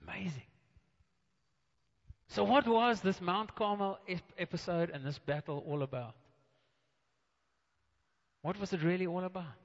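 A man preaching a sermon, telling a story with animated delivery, acting out the quoted voices and often restarting his words. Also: high-pitched, unhurried, creaky, long pauses. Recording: muffled, with long reverb in a hall.

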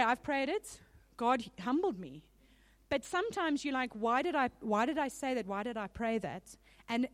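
A woman giving a sermon in a casual, animated storytelling manner. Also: fairly high pitch. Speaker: speaker. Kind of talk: conversational sermon.

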